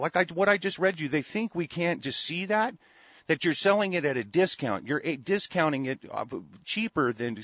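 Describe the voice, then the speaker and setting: A man's voice: medium pitch, fairly bright tone, no room sound. A man ranting angrily about politics as a show host, swearing often and restarting his sentences. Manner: profane, heated, many restarts. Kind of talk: angry political rant. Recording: dull lo-fi dry recording.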